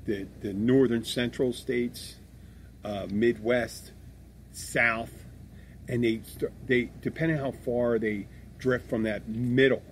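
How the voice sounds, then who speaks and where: A man's voice: mid-range voice, fairly even intonation, slow, slight background noise. A man from Philadelphia co-hosting a podcast, talking casually and bluntly, with swearing and rambling restarts. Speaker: podcast co-host. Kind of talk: casual chat.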